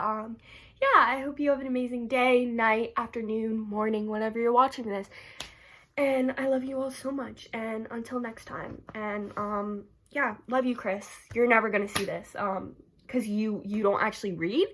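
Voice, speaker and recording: A woman's voice: fairly high pitch, sharp tone. A young woman rambling casually in a vlog, giggly and gushing, with constant "like" fillers. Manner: giggly, gushing, heavy use of "like". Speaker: book vlogger.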